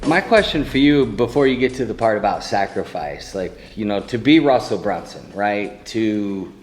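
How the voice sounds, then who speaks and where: A young man asking questions in a casual, relaxed way, reacting with short interjections. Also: fairly low pitch, moderate pace, faint music behind. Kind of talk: casual conversation.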